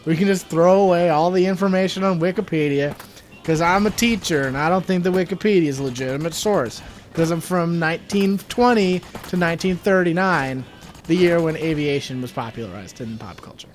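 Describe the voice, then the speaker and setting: A man's voice: on the high side, fairly quick, slight background noise. A young man co-hosting a let's play, joking sarcastically and rambling while he has the hiccups. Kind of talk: casual gameplay banter.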